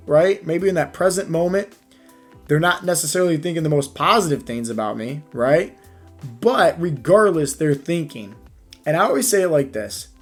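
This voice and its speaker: A man's voice: a little high, darkish tone. A man giving a casual motivational talk as a fitness coach, conversational and full of "right?" and "like". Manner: conversational, leans on fillers like "right?" and "like".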